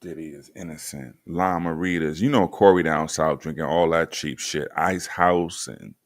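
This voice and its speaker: A man's voice: a bass voice, moderate pace, dry recording, clean studio sound. A man hosting a casual podcast chat, laid-back and slangy, joking as he talks. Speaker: podcast host. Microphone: remote stream mic.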